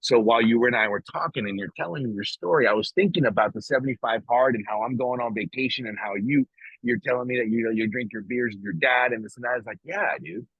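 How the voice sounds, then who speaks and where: A man's voice: medium pitch, fast talker, slightly rough, dry recording, highs cut off. A man co-hosting a podcast, talking in a rambling, emphatic way and swearing casually as he chats. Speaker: podcast co-host. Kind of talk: casual morning chat.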